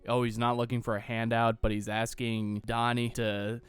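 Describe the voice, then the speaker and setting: A man's voice: mid-range voice, little pitch movement, moderate pace, smooth. A young man from Austin, Texas giving a sarcastic, exasperated solo movie rant, swearing freely. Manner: mocks dialogue in silly voices. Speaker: movie reviewer. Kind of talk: ranting solo commentary.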